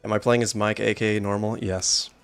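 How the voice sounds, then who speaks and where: A man's voice: on the low side, flat delivery, brisk, smooth, faint music behind. A man streaming a horror game, commenting with joking, self-deprecating asides.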